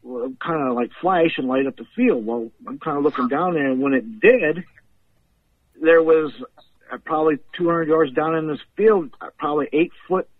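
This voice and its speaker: A man's voice: fairly high pitch, moderate pace, dry recording. Man telling ghost stories down a tinny phone line. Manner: rambling storyteller, laughs often. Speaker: guest paranormal investigator. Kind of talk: casual storytelling on a podcast.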